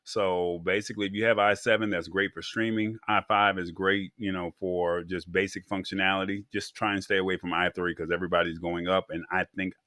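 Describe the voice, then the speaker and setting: A man co-hosting a casual tech talk show, rambling with frequent pauses and restarts. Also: sits low, flat delivery, pushed and bright, dry recording, studio quality. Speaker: co-host.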